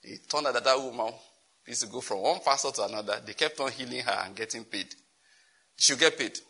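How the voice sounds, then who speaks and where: A man's voice: mid-range voice, fairly quick, slightly rough. A middle-aged man with a Nigerian accent preaching a teaching sermon, telling stories, acting out dialogue and laughing along. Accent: Nigerian English. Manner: animated storytelling, laughs and acts out dialogue.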